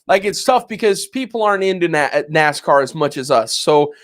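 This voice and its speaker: Telling a story on the podcast he co-hosts, a man in his twenties chats casually and mimics how he reacted at the time. He speaks at a moderate pace, his slightly high voice animated and fairly bright.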